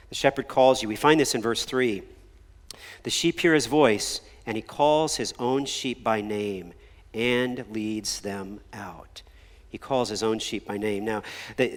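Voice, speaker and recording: A pastor giving a conversational sermon, checking in with "right?" and "okay?", sometimes dropping to a hushed near-whisper on key words and acting out the people in his stories. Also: fairly low pitch. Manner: conversational preaching with frequent "right?" and "okay?" asides; animated voices when acting out a story. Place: church sanctuary. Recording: long church hall reverb.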